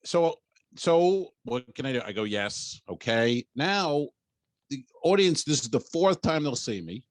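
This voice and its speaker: A man's voice: medium pitch, measured pace, no room sound. A man who is a comedian and podcast host, telling stories in a casual chat, swearing and acting out dialogue. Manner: animated storyteller, swearing, acts out dialogue.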